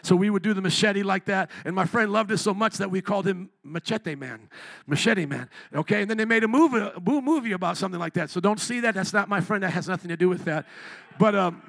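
A man preaching a sermon as pastor, animated and asking the congregation questions. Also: sits high, fast, gravelly, dry recording. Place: church.

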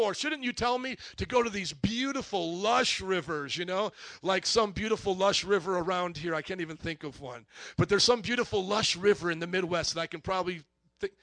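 A man preaching a sermon with a high, bright voice, reading scripture and breaking into casual asides. He calls on the congregation to repeat key words back to him. The sound is dry and close. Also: normal speed, dry recording. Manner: energetic call-and-response, casual asides.

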